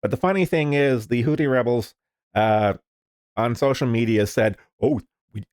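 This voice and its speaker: A man's voice: mid-range voice, moderate pace, a little mellow, smooth, no room sound, clean studio sound. A man casually commenting on the news, rambling and swearing, with lots of fillers. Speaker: streamer reading the news.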